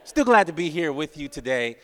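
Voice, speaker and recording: A man's voice: fairly high pitch, big pitch swings, pushed and bright. Man preaching with rising "right?" asides. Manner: repeats phrases, asks the crowd "right?"; slow, drawn-out prayer recitation. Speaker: guest speaker. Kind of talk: sermon. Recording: long hall reverb.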